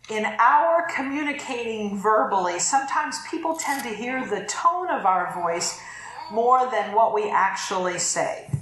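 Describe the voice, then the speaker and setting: A woman's voice: fairly high pitch, fairly bright tone, slight background noise. A middle-aged woman pastor giving a chatty, conversational sermon and laughing easily. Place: church sanctuary. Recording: echoey church room.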